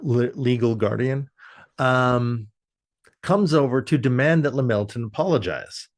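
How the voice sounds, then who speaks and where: A man's voice: medium pitch, lively intonation, a little slow. Rambling man recapping a cartoon episode. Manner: rambling with many fillers and restarts. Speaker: podcast co-host. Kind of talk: casual show review chat.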